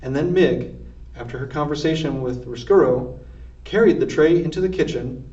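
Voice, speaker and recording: A man with a fairly high voice reads a children's storybook aloud with plenty of expression. He sounds far from the mic in an echoey room, and the recording is dull. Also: moderate pace. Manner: expressive read-aloud narration. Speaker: reader. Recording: distant roomy lo-fi recording.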